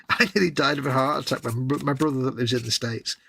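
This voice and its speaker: Wry gravelly man, bright edge. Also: medium pitch, steady tone, brisk, slight background noise. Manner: wry, self-mocking, grumbling. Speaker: livestream co-host. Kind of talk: casual chat.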